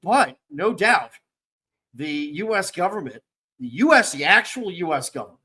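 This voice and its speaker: A man with a high, bright voice that swings widely in pitch argues his points on a podcast. He speaks emphatically, cuts in, and hammers points home by repeating them. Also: very animated, moderate pace, slightly rough. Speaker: podcast co-host. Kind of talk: casual discussion.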